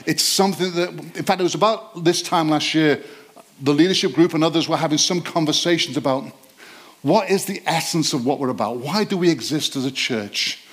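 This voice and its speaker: A man's voice: on the high side, a bit bright. A man with a slightly raised voice preaches to his congregation, leaning hard on chosen words as he reads scripture. He keeps turning to the listeners with questions, drawing them into the talk. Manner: interactive, quizzes the congregation; slows and stresses words in scripture reading. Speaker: pastor. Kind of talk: sermon. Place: church service.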